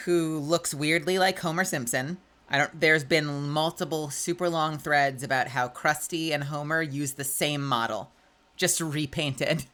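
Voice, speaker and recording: A woman's voice: deep voice, bright, forceful tone. A woman in her thirties chatting casually on a live stream, giggly and playful with lots of swearing. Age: 30s. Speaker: livestreamer.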